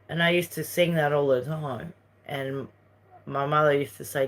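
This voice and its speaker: A woman's voice: sits low, fairly even intonation, moderate pace. A woman from Uruguay with a Uruguayan Spanish accent, chatting casually on a livestream, rambling between topics and reading viewer messages. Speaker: livestream host.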